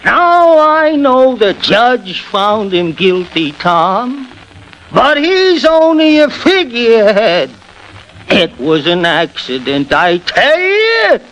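A man impersonating an older male attorney who pleads slowly in a 1940s radio impression, swooping between high and low. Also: very animated, fairly bright tone, heavily acted, poor audio. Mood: pleading.

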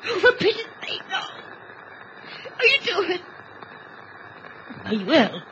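A frantic young wife who stammers and pleads, played by an actress. Her high voice swoops widely and drags slowly. The old radio recording is dull and hissy. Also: wildly swooping pitch, bright, forceful tone, exaggerated voice. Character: frantic young wife talked through emergency surgery. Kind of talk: old radio drama acting.

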